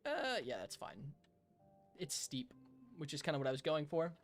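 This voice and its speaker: A man's voice: fairly high pitch, sing-song, moderate pace. Chatty young male streamer with faint music. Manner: playful, laughs often, rambling asides. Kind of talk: casual chat with live chat while playing.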